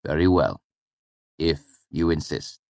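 A man voicing a wry, easygoing middle-aged father who leads a traveling troupe, speaking in a gently teasing way. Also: a bass voice, slow, dry recording, exaggerated voice. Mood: dry.

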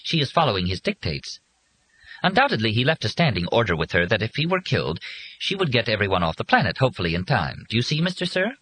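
A courteous, pedantic robot driver speaks in a raised, bright, lively voice, as a man reading an audiobook puts him on. It sounds formal and precise, as in a storybook. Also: fairly low pitch, fast, a little hiss or hum, pitched above the performer's own voice, rough recording.

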